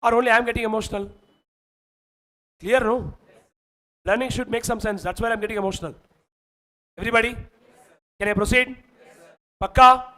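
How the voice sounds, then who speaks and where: A man's voice: very high voice, bright, forceful tone, poor audio. A man with an Indian English accent teaching an online exam-prep lecture, emphatic and often checking that students follow.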